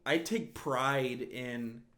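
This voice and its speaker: A man's voice: mid-range voice, very slow, pushed and bright. A man hosting a casual solo podcast, rambling and often laughing as he restarts his sentences. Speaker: podcast host.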